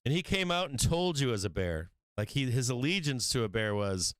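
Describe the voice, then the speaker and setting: A brash man rambles about buying dips, swearing freely and breaking into laughter between lines. His voice is smooth and clean, heard close and dry on a studio mic. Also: medium pitch, lively intonation, moderate pace, dry recording. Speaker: livestream market show host. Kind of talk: casual livestream trading talk. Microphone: studio microphone.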